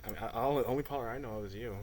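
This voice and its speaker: A host reacting to a cartoon episode, ranting in an animated way and laughing often. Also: medium pitch, rapid-fire, crowd noise. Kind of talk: reaction video commentary.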